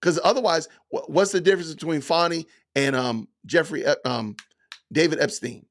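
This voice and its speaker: A man hosting a livestream podcast, talking casually to his chat, often slipping into mock-offended sarcasm and drawn-out emphasis. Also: a little high. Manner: addresses chat commenters by name. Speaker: podcast host reading live chat.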